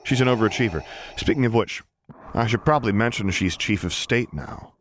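A man voicing a cocky, wisecracking young adult rebel who talks quickly and casually. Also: fairly low pitch, a little hiss or hum, pitched above the performer's own voice, lightly acted. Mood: wry.

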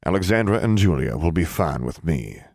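A man voicing a deep-voiced ghostly father. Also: sing-song, normal speed, vocal fry, a little mellow, no room sound, studio quality, exaggerated voice. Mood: gentle. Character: tall bearded male ghost father, deep and composed.

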